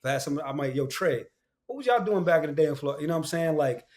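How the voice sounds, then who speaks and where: A man, a guest who works as an actor and audiobook narrator, talking in a casual, animated podcast chat with slangy, repeated phrases. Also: a little high, racing. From Queens, New York.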